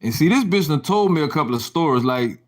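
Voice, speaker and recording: A man's voice: fairly high pitch, lively intonation, quick pace. A man hosting a casual livestream rant, telling profane, rambling stories with frequent restarts and mocking, laughing gossip. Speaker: livestream host.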